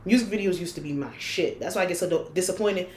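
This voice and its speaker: Profane, animated woman in an echoey room. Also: on the low side, fast. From United States. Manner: blunt, profane, animated storytelling. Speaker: podcast co-host. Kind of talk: casual chat.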